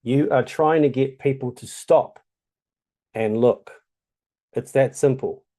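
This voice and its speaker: Taking it slowly, a Kiwi tutorial host talks through a screen-share session in a relaxed, chatty manner full of ums. His voice is medium-pitched with a dark tone.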